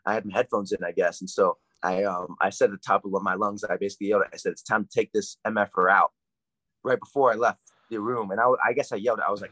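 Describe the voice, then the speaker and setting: A young man, a college wrestler, chatting fast and hyped in a casual interview, rambling with lots of fillers. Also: lowish voice, a bit bright, no echo, poor audio. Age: young adult.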